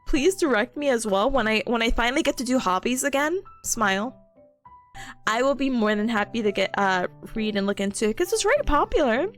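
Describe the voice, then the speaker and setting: Giggly high-voiced woman streamer. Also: animated, brisk, faint music behind. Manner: bubbly, giggly, rambling. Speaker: VTuber streamer. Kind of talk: casual stream chat.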